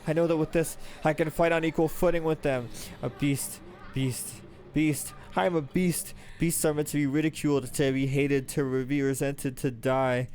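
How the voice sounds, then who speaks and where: A man's voice: on the high side, fairly even intonation, normal speed, a little mellow, close to an everyday voice. A man reading a game aloud, voicing a tormented young man who calls himself a beast, anguished and panicky, in a raised voice. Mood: brooding.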